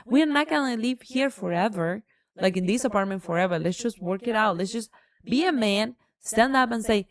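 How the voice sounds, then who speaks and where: A woman's voice: on the high side, moderate pace. A woman co-hosting a casual podcast, telling a story with energy and acting out the dialogue. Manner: animated, acts out dialogue. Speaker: podcast co-host.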